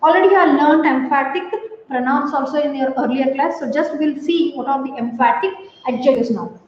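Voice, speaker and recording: A woman teaching a grammar lesson to students, speaking slowly and deliberately and repeating key words. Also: high-pitched. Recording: roomy, echoey, distant, dull audio.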